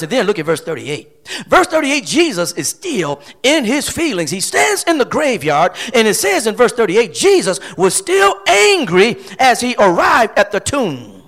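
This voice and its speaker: A middle-aged man from Flint, Michigan preaching a sermon, repeating phrases and building to shouts. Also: very high voice, big pitch swings, normal speed. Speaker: pastor.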